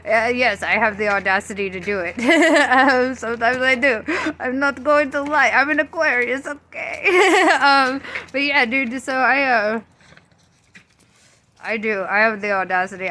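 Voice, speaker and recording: A woman talking through spiritual ideas in loose, casual chat, breaking into laughter often and swearing freely. Her voice sits a bit high and sounds sharp and bright. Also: a little hiss or hum. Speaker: tarot reader and spiritual vlogger.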